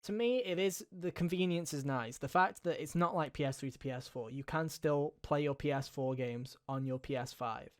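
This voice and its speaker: A man's voice: a little high, moderate pace, hardly any pauses. A man co-hosting a gaming podcast in casual chat, rambling and jokey, with a lot of swearing. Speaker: podcast co-host.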